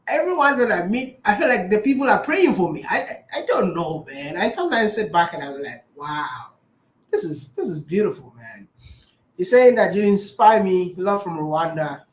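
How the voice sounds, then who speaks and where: A man's voice: high-pitched, sing-song, normal speed. A man chatting casually as a vlogger, answering viewer questions, laughing often and repeating his phrases. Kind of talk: casual chat. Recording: roomy echo.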